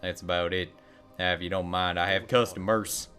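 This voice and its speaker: A man's voice: low voice, level tone, moderate pace, sharp tone, faint music behind, pitched below the performer's own voice. A man voicing a defensive male tailor in a game, prickly and curt.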